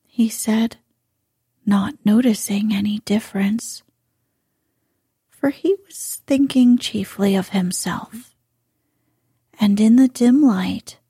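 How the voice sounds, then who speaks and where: A woman reading a bedtime story aloud in a soft, hushed, drawn-out delivery. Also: fairly high pitch, husky, dry recording, studio quality.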